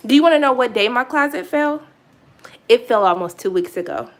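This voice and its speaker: A woman's voice: on the high side, lively intonation, a little fast. Exasperated woman venting casually from home. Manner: venting, exasperated, chatty with asides. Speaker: vlogger on a live stream. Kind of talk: casual chat to viewers. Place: her apartment at home.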